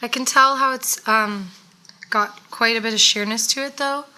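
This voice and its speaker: Bright-voiced woman, slightly hoarse. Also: on the high side, fairly even intonation, normal speed. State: losing her voice. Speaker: co-host. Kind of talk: casual chat while doing makeup.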